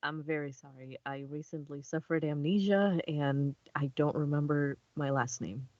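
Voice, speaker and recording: A woman's voice: deep voice, moderate pace, darkish tone, no room sound, close to an everyday voice. A woman playing a polite young man with amnesia, speaking in a hesitant, apologetic way. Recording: dull lo-fi dry sound.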